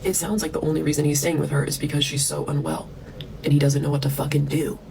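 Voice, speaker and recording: A woman's voice: sits low, little pitch movement, quick pace, gravelly, a little mellow, a little hiss or hum, low-quality recording. A woman vlogger delivering a heated, profane rant to camera, breaking into scornful laughs. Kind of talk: ranting monologue to camera.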